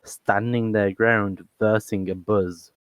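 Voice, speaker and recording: A man's voice: fairly low pitch, fairly even intonation, slow pace, clear, resonant tone, no room sound, lo-fi sound. A man guesting on a casual movie podcast, joking around.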